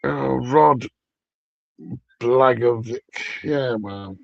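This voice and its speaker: Gravelly sweary British man ranting. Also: mid-range voice, drawn-out words, no room sound, highs cut off. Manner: sweary, digressive, sardonic. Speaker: streamer. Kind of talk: rambling casual rant.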